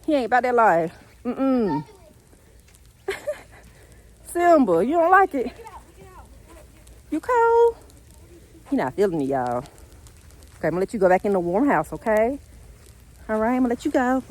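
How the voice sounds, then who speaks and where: Lively chatty woman. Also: mid-range voice, normal speed, long pauses. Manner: chatty and animated, uses y'all, narrates her dogs' reactions. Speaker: vlogger and dog owner. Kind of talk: casual chat to camera.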